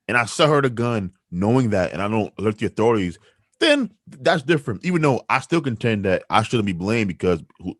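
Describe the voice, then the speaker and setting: A man hosting a podcast, arguing his opinions in an emphatic, animated way. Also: mid-range voice, no room sound, clean studio sound. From New York City. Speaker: podcast host.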